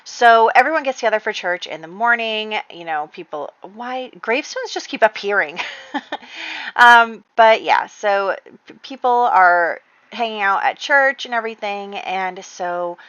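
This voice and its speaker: A woman's voice: medium pitch, animated, measured pace, a bit bright, smooth, dry recording, highs cut off. Chatty woman narrating a game. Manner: chatty, filler-heavy. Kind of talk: casual let's-play storytelling.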